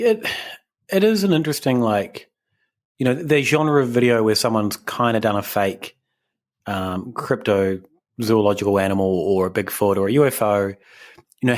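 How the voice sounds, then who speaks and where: A man's voice: on the low side, expressive, unhurried. A young man, co-hosting a podcast, rambling and self-deprecating in casual chat. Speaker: podcast co-host.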